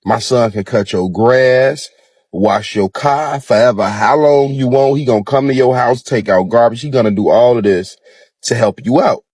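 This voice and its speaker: A man's voice: medium pitch, moderate pace, darkish tone, slightly rough, voice pushed up, natural voice. A man doing an exasperated scolding mother. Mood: firm. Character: distressed mother scolding her teenage son. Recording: roomy echo.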